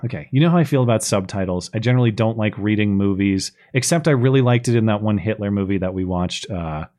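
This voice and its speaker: A man's voice: lowish voice, quick pace. A man hosting a podcast, chatting casually and sarcastically as he picks apart a film. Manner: chatty, sarcastic, animated complaining. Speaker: podcast host. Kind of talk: casual chat reviewing a film.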